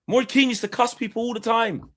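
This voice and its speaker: A man's voice: extremely high pitch, fairly even intonation, brisk, fairly bright tone. A man co-hosting a casual live football chat. He swears freely and acts out players' rants. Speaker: football podcast co-host.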